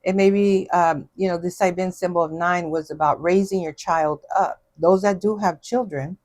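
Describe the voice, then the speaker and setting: A woman's voice: fairly low pitch, steady tone, moderate pace, a little mellow. A woman hosting an astrology podcast, talking in a rambling, casual way, full of fillers and little laughs. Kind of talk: casual chat.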